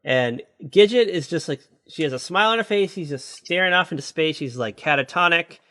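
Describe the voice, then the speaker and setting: A man on a podcast retelling a sitcom episode in a chatty, animated way. His pitch leaps around as he acts out the characters. His voice is dry and close to the mic, with no room sound. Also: brisk, no room sound. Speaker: podcast co-host. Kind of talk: casual chat recapping a TV episode.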